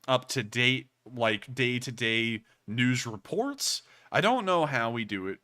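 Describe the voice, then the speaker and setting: A man's voice: medium pitch, bright, forceful tone, clear, resonant tone, no room sound, clean studio sound. A man hosting a live news stream, talking in an earnest, rambling way and repeatedly thanking viewers for their support. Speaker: livestream news host. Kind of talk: casual livestream chat.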